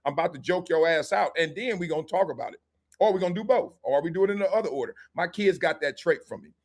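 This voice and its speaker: A middle-aged man with a high speaking voice hosts a loose sports talk stream. He jokes loudly, laughs often and slips into voices to act out his children. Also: quick pace. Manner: loud, laughing, mimics his kids in put-on voices. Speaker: show host. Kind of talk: casual sports talk, joking.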